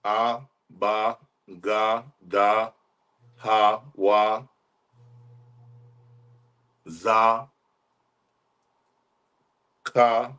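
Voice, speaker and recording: A man in a class recites letter sounds one by one, very slowly and in a flat, even way. His voice is bright and clear. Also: on the low side. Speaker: student in a class.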